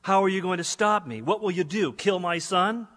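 A man's voice: sits high, moderate pace, fairly bright tone, pitched above the performer's own voice. A man acting out a defiant, arrogant man answering harshly and mockingly, in an echoey hall.

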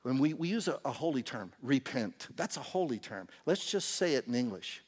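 A man preaching a sermon, moving between soft intimate lines and loud exclaimed outbursts, acting out the voices in his own inner dialogue. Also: mid-range voice, very animated, moderate pace, breathy edge.

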